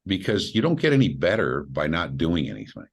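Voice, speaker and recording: A middle-aged man with a very deep, husky voice talks through his stories in a relaxed interview. He grows animated when retelling conversations. He performs the people he quotes. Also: brisk. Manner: animated, acts out quoted voices with big pitch jumps, laughs. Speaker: film director. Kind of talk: casual interview storytelling.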